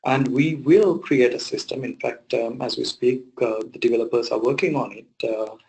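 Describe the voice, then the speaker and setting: A man's voice: mid-range voice, normal speed, vocal fry, a little mellow, low-quality recording. A man leading a technical webinar, answering questions casually with many uhs and hesitations. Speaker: webinar presenter, digital strategy lead.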